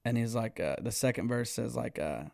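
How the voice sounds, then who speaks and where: This is a man in his thirties, guesting on a podcast and telling stories with lots of energy. He curses casually and laughs often. His pitch sits at an ordinary middle height, and the recording is dry and close. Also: normal speed, vocal fry, no echo. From Texas. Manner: animated, swears freely, laughs often. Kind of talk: casual storytelling.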